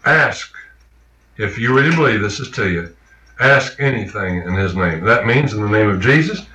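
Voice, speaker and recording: A man's voice: fairly low pitch, expressive, normal speed, sharp tone, roomy sound, poor audio. A man preaching a sermon, emphatic and questioning his congregation.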